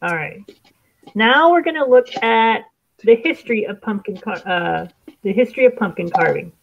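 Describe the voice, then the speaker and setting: A woman hosts a live stream in a relaxed, chatty way, guiding everyone from one topic to the next. Her pitch sits in an ordinary middle range. The recording is dull and lo-fi, with the highs cut off. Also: normal speed, vocal fry. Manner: chatty, leads the group with frequent "all right"s. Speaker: stream host. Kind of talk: casual live-stream chat.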